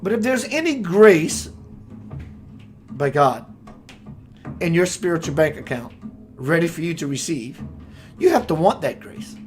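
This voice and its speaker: A man with a slightly high voice gives a meandering spiritual talk. He muses aloud and sometimes gropes for the right word. Faint music plays underneath. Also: sing-song, unhurried, long pauses. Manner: meandering, musing, searching for words. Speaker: spiritual teacher.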